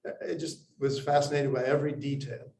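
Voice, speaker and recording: A man from India telling a personal story to an audience, unhurried with pauses and lively acted quotes. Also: mid-range voice. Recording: roomy, distant mic, faint noise.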